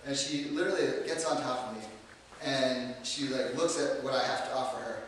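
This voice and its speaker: A man's voice: mid-range voice, fairly quick, hardly any pauses, a little hiss or hum. A man telling a comic story to an audience, rambling and self-deprecating, with lots of fillers. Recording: echoey hall, distant mic.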